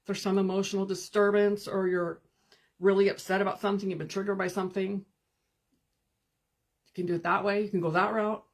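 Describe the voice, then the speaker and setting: A woman with a gravelly, slightly husky voice, talking on a live stream as a spiritual coach. She guides slowly and gently, pausing often, and chats with viewers in between. Her pitch sits in the middle range. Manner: calm, gentle, meditative guidance with pauses. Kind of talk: live-stream talk answering viewer comments.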